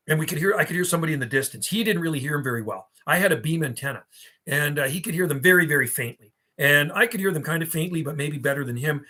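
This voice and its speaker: A Canadian man in his fifties hosts a livestream and is a radio hobbyist. He rambles and reminisces while answering chat in a casual way, his voice on the high side with a sharp tone.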